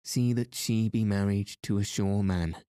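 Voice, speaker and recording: A man's voice: on the low side, fairly even intonation, unhurried, mellow, clear, resonant tone, no echo, clean studio sound, close to an everyday voice. A man reading the lines of a stern, hunchbacked medieval duke in a harsh, curt way.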